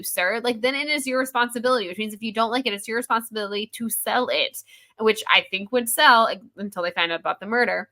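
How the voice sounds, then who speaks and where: Bright, animated woman riffing sarcastically. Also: fairly high pitch, fast talker. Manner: animated, sarcastic, acts out characters' lines. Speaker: podcast co-host. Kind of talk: casual movie review chat.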